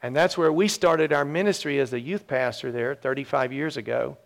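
A man in his fifties, a pastor telling his own story in a sermon with earnest, halting repeats. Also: mid-range voice, gravelly. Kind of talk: sermon testimony.

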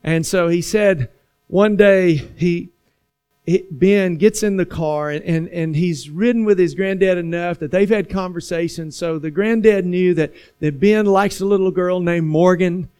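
A man preaching a sermon in a church, repeating phrases and building slowly to emphatic points. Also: high-pitched, a little mellow, smooth. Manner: preaching with slow emphatic build-ups and repetition. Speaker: pastor. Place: church sanctuary.

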